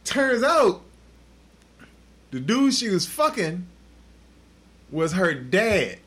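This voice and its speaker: A man's voice: high voice, big pitch swings, very slow, fairly bright tone. A man hosting a podcast, telling a story in crude, profane, casual chat. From Texas. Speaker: podcast host.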